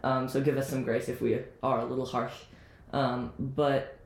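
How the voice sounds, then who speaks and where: A man's voice: medium pitch, level tone, normal speed, gravelly. A man co-hosting a casual podcast chat. He talks in a hesitant way, with many ums and restarts. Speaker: podcast co-host. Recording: echoey room.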